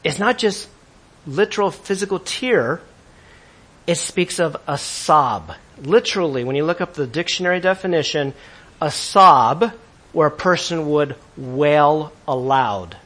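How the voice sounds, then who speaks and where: A man preaching a sermon with energy, swinging between loud emphasis and quiet asides and asking his congregation questions. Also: fairly high pitch, lively intonation, unhurried. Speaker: pastor.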